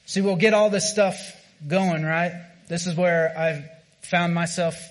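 A man's voice: high voice, steady tone, a little slow. Casual man preaching a sermon. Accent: American. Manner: casual, conversational preaching with frequent fillers and restarts.

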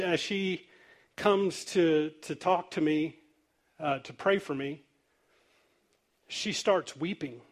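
A man preaching a sermon as pastor, telling stories in a loose, conversational way with easy laughter. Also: on the high side. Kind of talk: sermon storytelling.

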